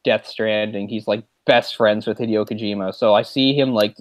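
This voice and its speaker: A man co-hosting a podcast, rambling through a casual movie chat, getting animated and laughing as he retells scenes. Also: on the low side, moderate pace, no echo. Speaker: podcast co-host.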